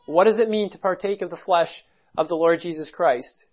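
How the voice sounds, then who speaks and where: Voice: mid-range voice, normal speed. A preacher giving a verse-by-verse Bible teaching, speaking in an emphatic, methodical way and stopping to stress key words. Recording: dull lo-fi recording.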